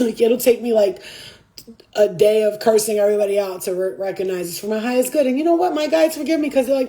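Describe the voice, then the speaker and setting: A woman talks casually to her viewers about spiritual lessons, swearing freely. She laughs often and acts out little voices. Her voice sits fairly high, with a warm, mellow tone. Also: fast. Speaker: spiritual reader. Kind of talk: casual spiritual vlog talk.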